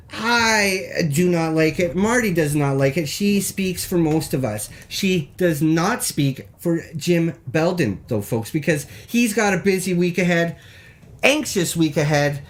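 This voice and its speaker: A man with a high voice hosts a live call-in show, reading mock local news in a rambling, deadpan, joking manner and stumbling over words.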